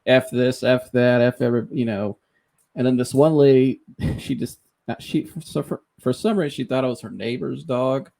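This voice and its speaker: Speaking at a moderate pace with vocal fry, a medium-pitched male podcast host relates an amusing story. He keeps it loose and lively, laughing frequently and doing impressions of whoever he's quoting.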